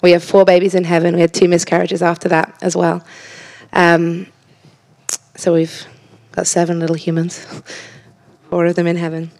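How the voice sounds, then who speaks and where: A woman's voice: on the low side, a little mellow. A woman preaching a sermon in a church, earnest, often repeating words as she starts a thought and teasing the congregation now and then.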